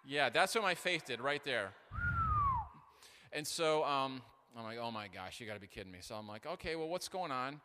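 A male pastor preaching with humor and stories, animated and self-deprecating, full of fillers and restarts. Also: mid-range voice, normal speed, a little hiss or hum. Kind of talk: sermon with storytelling. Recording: long hall reverb.

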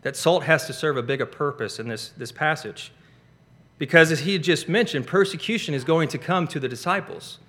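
A pastor delivers his sermon in a bright, forceful tone. His voice sits a touch above the usual for a man. He drives each point home with emphatic, rising stresses. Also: on the high side, fairly quick.

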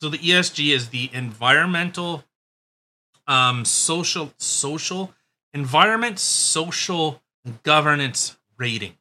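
A man's voice: on the high side, expressive, unhurried, sharp tone. A man hosting a podcast, talking in a blunt, sarcastic, profane way in casual chat. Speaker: podcast host.

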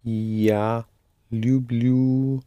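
A man studying Russian, giving halting answers in a lesson. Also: medium pitch, flat delivery, no echo, lo-fi sound. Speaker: language student. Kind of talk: language lesson.

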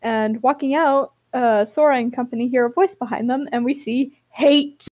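A young woman hosting a podcast, recapping a story in an animated, giggly way. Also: on the high side, normal speed. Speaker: podcast host. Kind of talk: casual chat.

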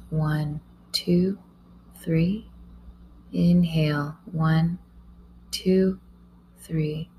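Yoga instructor, woman, low flat delivery, calm soft cueing of breaths. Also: slight background noise, rough recording.

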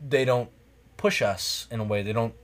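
A man's voice: mid-range voice, moderate pace. Rambling, reflective podcast host man. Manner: rambling, reflective, restarts sentences. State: a few drinks in. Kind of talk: casual late-night chat. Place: cabin in the woods.

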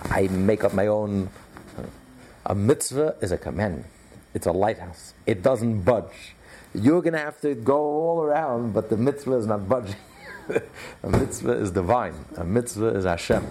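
A man's voice: fairly low pitch, unhurried, dark tone, slight background noise. A man teaching a recorded Torah class, emphatic and conversational, repeating his points with fillers.

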